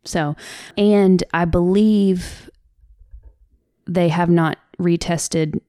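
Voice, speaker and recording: A woman's voice: lowish voice, steady tone, extremely slow, no room sound, studio quality. A woman with a Southern American accent co-hosting a podcast, talking earnestly and off the cuff. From Southern United States. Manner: earnest, loose and off the cuff, soft laughs. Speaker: podcast co-host. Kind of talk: casual podcast discussion. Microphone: studio microphone.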